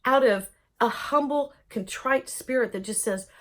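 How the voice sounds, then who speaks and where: A woman telling a personal story in a lively, joking way, acting out voices as she goes. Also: on the high side, unhurried. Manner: lively, jokey, acts out voices in quotes. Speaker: vlogger telling her own story.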